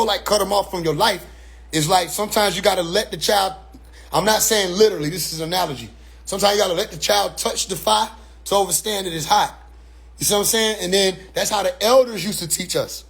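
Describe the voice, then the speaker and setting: Male commentator with a high voice, loose and blunt, keeps looping back to check you follow. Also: gravelly, a bit bright. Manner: rambling, repeats "you see what I'm saying"; blunt, profane street talk. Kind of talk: casual monologue commentary.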